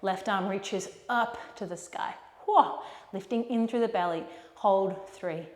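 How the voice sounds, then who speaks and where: A woman leading a yoga class, giving gentle, encouraging cues for poses and breaths. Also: mid-range voice, unhurried. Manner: gentle encouraging cues, calls students "my friends" and "yogis". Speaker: yoga instructor. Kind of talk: guided yoga class instruction. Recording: echoey room with long reverb.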